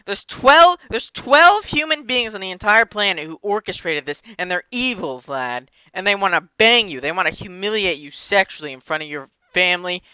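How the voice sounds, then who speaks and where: A man voicing a pushy, smooth-talking businessman on a phone call, using high, loud, wheedling salesman patter. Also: big pitch swings, normal speed, no echo, full character voice. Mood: ranting.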